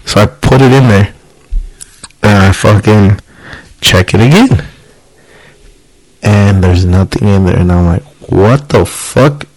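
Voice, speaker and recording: A man's voice: fairly low pitch, fairly even intonation, a little slow, pauses often, darkish tone, no echo, rough recording. A young man co-hosting a podcast, telling a casual, profane story and acting out the quotes. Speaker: podcast co-host. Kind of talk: casual chat.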